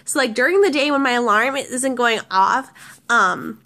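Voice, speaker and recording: A woman's voice: on the high side, moderate pace, bright, forceful tone. Giggly rambling young woman vlogger. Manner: rambling, giggly, lots of likes and restarts. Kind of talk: casual storytelling to camera.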